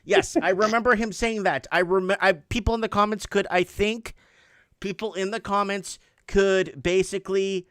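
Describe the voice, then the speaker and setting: A man hosts a call-in show in a high, light voice. He sounds close and dry, with no room echo. His talk is loose and easygoing, and he drops in sarcastic jokes as he reads from his screen. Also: moderate pace, clean tone. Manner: relaxed, joking, sarcastic asides. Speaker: show host. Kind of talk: casual call-in chat.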